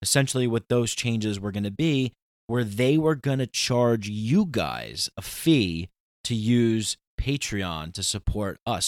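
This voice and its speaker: A man hosting his own podcast, talking through a solo intro in an animated, ranting, conversational way. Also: fairly low pitch, no room sound, studio quality. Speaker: podcast host.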